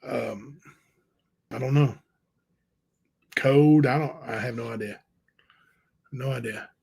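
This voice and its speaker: A male livestream host reading letters aloud and commenting on them, halting and unsure, with many fillers. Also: medium pitch, gravelly, a little mellow, slightly rough.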